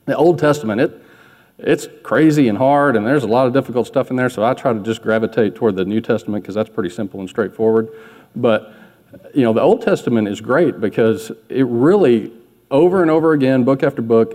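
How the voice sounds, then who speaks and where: A pastor preaching a sermon in a candid, self-deprecating, conversational way to a church congregation. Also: male voice, mid-range voice, fairly quick, darkish tone, big-room sound.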